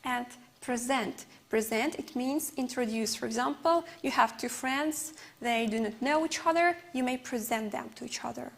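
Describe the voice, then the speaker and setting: A woman with an Uzbek accent teaching an English lesson on TV, explaining words slowly and carefully. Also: fairly high pitch, gravelly.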